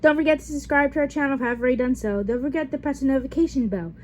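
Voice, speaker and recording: A woman closing out her video with a quick sign-off asking viewers to subscribe. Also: high-pitched, a little hiss or hum. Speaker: channel host. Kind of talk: video outro.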